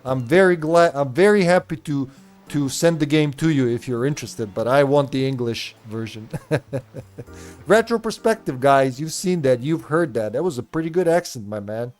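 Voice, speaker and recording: A man's voice: medium pitch, animated, moderate pace, a little mellow, soft background music. A man from Serbia, streaming a retro game in casual, rambling, profane commentary, laughing often.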